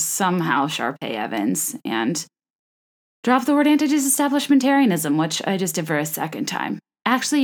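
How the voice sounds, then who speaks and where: Chatty, self-deprecating young woman podcaster. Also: fairly low pitch. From American South. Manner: chatty, self-deprecating, rambling with restarts and laughs. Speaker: podcast host. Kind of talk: casual solo podcast monologue.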